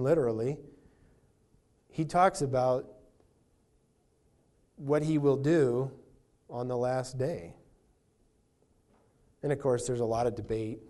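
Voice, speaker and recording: A man preaching a sermon, teaching through a passage verse by verse and explaining what the words mean, slowing down to stress key words. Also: mid-range voice, dark tone. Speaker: pastor.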